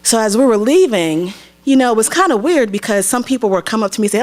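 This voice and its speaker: On a theater stage, a young woman from Pennsylvania tells a personal story live, her voice on the high side and her delivery fast. She stays animated throughout, mimicking the voices of the people involved.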